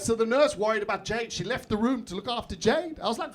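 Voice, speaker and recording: A man doing live stand-up on a comedy club stage, swinging from muttered asides to shouted outbursts. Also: very high voice, lively intonation, quick pace, a little hiss or hum. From South Africa. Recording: live club recording with crowd laughter. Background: audience laughter.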